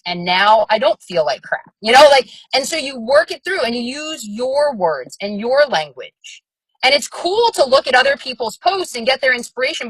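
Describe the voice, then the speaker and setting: Chatty, husky-voiced woman coaching a team. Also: fairly high pitch, a bit bright, dry recording, rough recording. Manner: chatty and frank, with frequent fillers. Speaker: fitness coach on a team call. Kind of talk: casual coaching talk.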